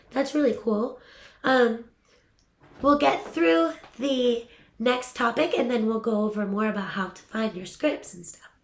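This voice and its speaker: Chatty woman teaching voiceover, echoey room. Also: fairly high pitch. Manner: chatty, upbeat, many fillers. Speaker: voiceover coach. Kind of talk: casual teaching talk.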